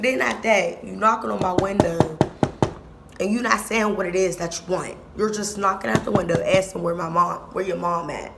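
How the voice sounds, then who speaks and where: A woman's voice: on the low side, normal speed, creaky, fairly bright tone, slight background noise. A young woman vlogger telling a story in casual, slangy speech, repeating lines for emphasis.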